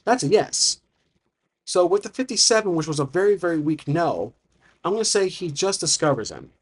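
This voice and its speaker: A man's voice: on the high side, sing-song, normal speed, slightly rough. A man narrating a solo tabletop campaign as game master, thinking aloud with frequent restarts.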